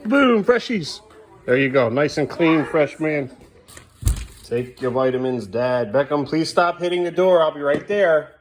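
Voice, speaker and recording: A man's voice: a little high, expressive, measured pace, slight background noise. A man filming a casual family vlog at home, coaxing and bantering with his small children. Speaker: father vlogging his day with his sons.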